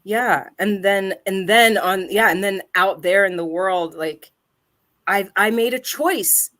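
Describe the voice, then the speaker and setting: A woman's voice: medium pitch, takes it slowly, a bit bright. Laughing, rambling woman improviser. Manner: laughs often, rambling and self-mocking. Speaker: improv performer, co-host. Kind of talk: casual podcast chat.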